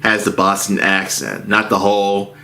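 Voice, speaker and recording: A man's voice: lowish voice, moderate pace, bright, forceful tone, slight background noise. A man telling a rambling story from his movie theater job as a casual rant, with frequent restarts.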